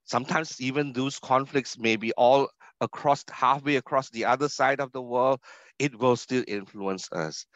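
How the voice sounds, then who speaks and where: In dull, dry video call audio with no room sound, a Singaporean academic with a Singaporean English accent presents a keynote lecture to an online conference via his computer mic. He stresses key words and asks rhetorical questions. His mid-range voice is a bit bright, at normal speed.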